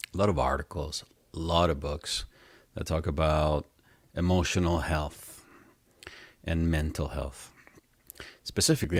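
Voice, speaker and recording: A man hosting a live spiritual webcast, talking in a gentle, unhurried way and greeting viewers by name. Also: extremely low pitch, creaky, dry recording. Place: indoor room at home with a heater.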